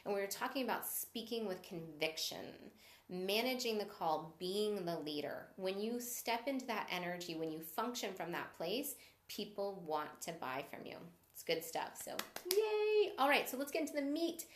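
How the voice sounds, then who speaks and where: An upbeat, encouraging woman teaching a live-streamed sales training. Her voice sits in a middle pitch range and rings with the echo of the room she records in. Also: lively intonation, normal speed. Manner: upbeat and encouraging, greets viewers mid-talk. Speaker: sales coach.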